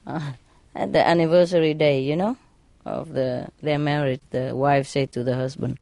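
A woman's voice: low-pitched, fairly even intonation, moderate pace, vocal fry, warm tone, no room sound. A woman reading jokes aloud in a casual way, laughing at her own punchlines. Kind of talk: casual joke telling.

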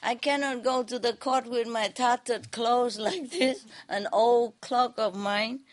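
A woman's voice: a little high, a little slow, pitched above the performer's own voice, natural voice. A sly old trickster mullah feigns innocence and teases with every line, as a woman narrator plays him. His voice sits well above her natural register, light and coy. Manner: teasing, mock-innocent.

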